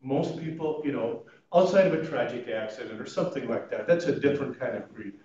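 Animated storytelling man in an echoey room. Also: mid-range voice, a little fast. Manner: storytelling, animated, laughs at his own stories. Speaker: chaplain and funeral pre-planning consultant leading a class. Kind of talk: informal talk to a class. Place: church meeting room. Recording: echoey room, mic at a distance, dull sound.

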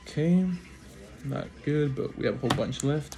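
A man giving casual unboxing commentary as he opens trading card packs, reading off cards one by one and breaking into excited exclamations and quick apologies. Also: medium pitch, gravelly, soft background music. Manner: names cards one after another, bursts into excited exclamations, apologizes often. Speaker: trading card pack opener.

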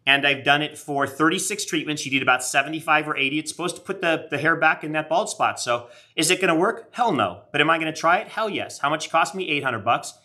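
A man's voice: on the high side, lively intonation, fast talker, hardly any pauses, pushed and bright. A middle-aged man rambling on a casual live stream, joking at his own expense and chatting with viewers, a little out of breath. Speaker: card collector streaming live.

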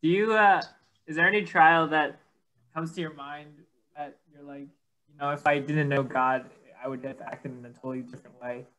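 A man's voice: on the high side, steady tone, normal speed, sharp tone, low-quality recording. A man on a video call asking a hesitant, rambling question during a fellowship meeting.

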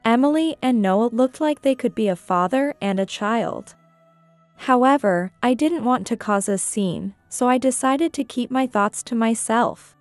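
A woman narrates a scripted first-person story in a measured, even delivery. Her voice sits slightly high. The recording is dry, close and free of room sound. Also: dry recording, faint music behind.

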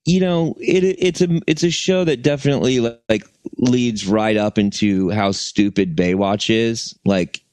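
A man's voice: medium pitch, unhurried, a little mellow, dry recording. A man co-hosting a podcast, chatting casually and rambling with many restarts. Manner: rambling, lots of restarts and fillers. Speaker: podcast co-host. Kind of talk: casual chat.

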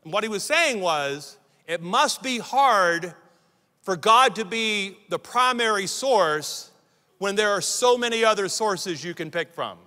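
A man with a high, ringing voice preaches emphatically, restarting phrases as he builds his point. His sermon carries the long reverb of a large church hall. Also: animated, unhurried, pushed and bright. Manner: emphatic preaching, repeats words when starting sentences. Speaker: pastor.

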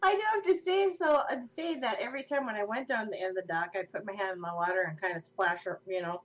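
A woman's voice: mid-range voice, quick pace, a little hiss or hum. A woman from Minnesota telling a funny story in casual chat, laughing often as she talks. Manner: giggly, laughs through her stories. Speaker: podcast co-host.

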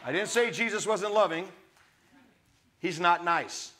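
A man's voice: high-pitched, a little slow, sharp tone. A man preaching a sermon, reading scripture aloud and breaking off into emphatic, conversational asides to his listeners.

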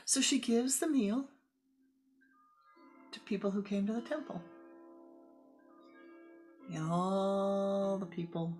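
A woman spiritual teacher telling a parable in a dharma talk, animated and dropping often into hushed whispered asides. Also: mid-range voice, slow pace, long pauses, faint music behind, poor audio.

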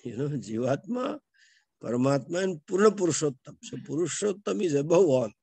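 Older indian guy, slow scripture class, higher voice, dry close sound. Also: sing-song, gravelly, darkish tone, husky, dry recording. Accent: Indian English. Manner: slow, repeating Sanskrit verses line by line. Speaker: teacher of scripture. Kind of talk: scriptural lecture with Sanskrit chanting.

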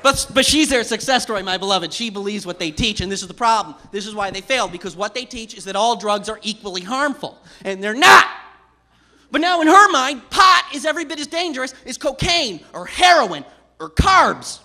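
A young man doing a stand-up comedy routine on a theater stage, loose and conversational, building to shouts. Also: very high voice, lively intonation, brisk. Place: theater stage before a live audience.

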